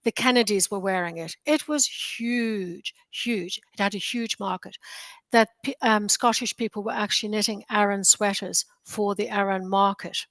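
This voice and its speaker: A woman's voice: mid-range voice, fairly even intonation, a little fast, fairly bright tone, dry recording. Woman, tired, textile historian guest, discursive and hedging, video call, dry sound. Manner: discursive, hedging, self-deprecating. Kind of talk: casual live video chat.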